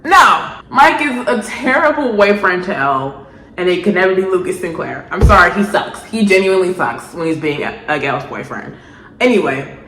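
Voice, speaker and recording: A woman ranting in a vlog commentary, animated, sarcastic and exasperated. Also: on the low side, reverberant, a little hiss or hum, poor audio. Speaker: video essayist.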